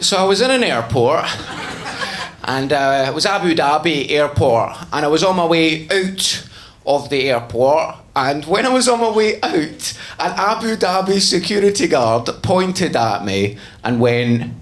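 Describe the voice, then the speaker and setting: A man's voice: fairly high pitch, sing-song, unhurried, fairly bright tone. A man telling a story in a stand-up set on a comedy stage, self-mocking and sweary. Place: comedy stage before an audience.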